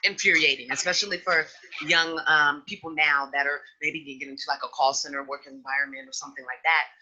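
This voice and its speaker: A woman hosting a podcast in casual chat, outspoken and frank, with an animated delivery. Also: low-pitched, fast, highs cut off. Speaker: podcast host.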